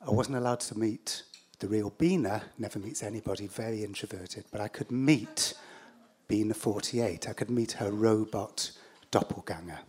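A man's voice: fairly low pitch, a little mellow, breathy edge. Wry Englishman telling a story live. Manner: wry, self-deprecating, halting with fillers.

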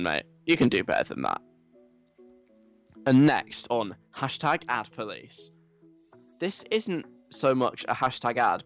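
A man hosting a comic radio show. He is chatty, wry and mocking, with a mid-range pitch. Faint music sits behind him. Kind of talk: casual comic radio monologue.

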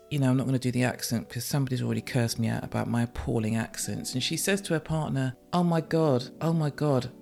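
A woman's voice: low voice, a little mellow. A woman from the UK, hosting a solo podcast and speaking frankly and emotionally, swearing freely. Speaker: podcast host.

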